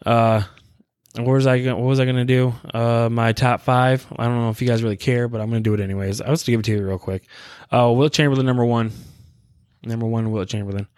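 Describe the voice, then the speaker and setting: A man's voice: mid-range voice, fairly even intonation, fast, darkish tone, clear, resonant tone, no room sound, studio quality. Laid-back rambling male podcaster, stoned. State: high on cannabis. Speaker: podcast host. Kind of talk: casual solo podcast chat. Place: his own room.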